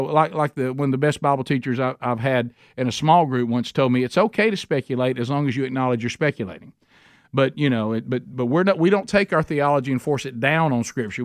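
A man's voice: on the high side, dry recording, studio quality. A man teaching a men's Bible study, emphatic and conversational, often restarting his sentences.

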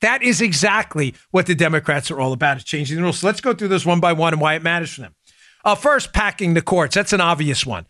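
A man hosting a political commentary podcast, chatty and animated as he reacts to clips. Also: a little high, fast, no echo, clean studio sound. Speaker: podcast host.

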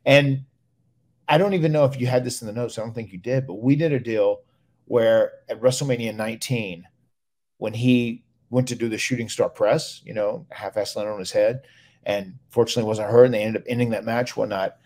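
A man, casually telling stories on his podcast and getting loud when he acts out other people. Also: mid-range voice, fairly quick. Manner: animated storyteller, loud when acting out others. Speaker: podcast host, retired wrestler. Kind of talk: casual storytelling.

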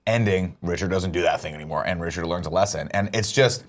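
A man with a somewhat low voice co-hosts a casual chat show. He rambles and leans hard on his points, swearing freely along the way. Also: fast talker. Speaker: co-host.

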